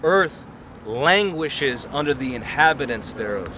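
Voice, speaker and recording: A man's voice: mid-range voice, lively intonation, measured pace. A man teaching on the street in an emphatic, slangy, mocking manner. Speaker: street preacher. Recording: outdoor recording with loud traffic noise.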